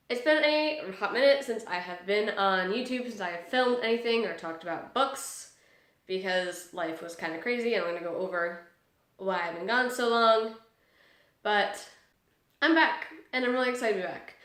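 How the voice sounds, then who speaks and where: A woman's voice: medium pitch, normal speed, fairly bright tone, echoey room. A woman, vlogging in a chatty, upbeat way and sounding nasal and congested from allergies. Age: 20s. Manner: chatty and upbeat, rambling asides. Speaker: book vlogger. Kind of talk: casual vlog talk. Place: small room at home.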